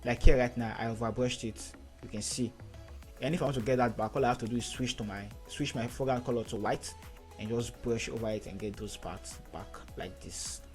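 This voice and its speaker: Man, screen-recorded software tutorial, steady instructions, repeats key points, mid-pitched voice, faint music behind. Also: a little fast. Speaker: photo editing tutor.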